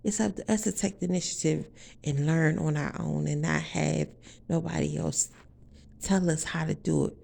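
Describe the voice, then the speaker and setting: Woman, heavy vocal fry, dark tone, profane and preachy, casual vlog testimony. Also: sits low, steady tone, moderate pace. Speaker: vlogger giving a spiritual testimony. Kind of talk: casual spoken testimony to viewers.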